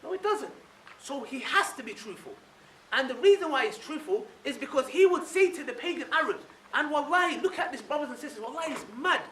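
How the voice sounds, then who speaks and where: A man giving an animated religious lecture to a live audience, firing off rhetorical questions and checking in with the listeners again and again. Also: very high-pitched, brisk. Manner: animated, keeps asking rhetorical questions with a tag "yeah?". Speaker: Islamic speaker addressing an audience. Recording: echoey room, voice from far off, faint noise.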